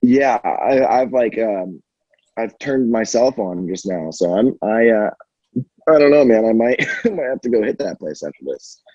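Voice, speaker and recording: A man's voice: lowish voice, expressive, unhurried, warm tone, dry recording, highs cut off. A young man telling stories in a casual podcast chat, rambling and profane with many fillers. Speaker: podcast guest.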